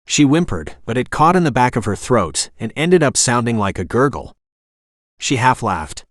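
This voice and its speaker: Lively synthetic male audiobook narrator. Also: medium pitch, moderate pace, dry recording, clean studio sound. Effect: text-to-speech voice. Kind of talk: scripted narration.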